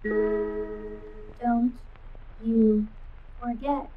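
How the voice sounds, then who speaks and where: A woman's voice: fairly high pitch, fairly even intonation, drawn-out words, faint music behind. A woman voicing an eerie, clingy ghost girl in a horror game, with a distorted voice. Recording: tinny phone-like tape.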